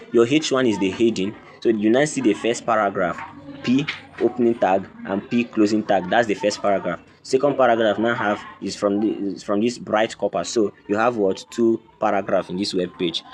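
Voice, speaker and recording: Low-voiced man teaching code step by step. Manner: teacherly, repeats points and asks "can you see". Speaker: coding tutorial host. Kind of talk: screen-recorded tutorial walkthrough.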